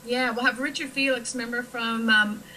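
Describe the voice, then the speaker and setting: A woman's voice: a little high, fairly even intonation, normal speed, sharp tone, slight background noise, rough recording. A woman from Nebraska chatting casually as a guest, with frequent fillers. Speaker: paranormal investigator guest. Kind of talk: casual chat.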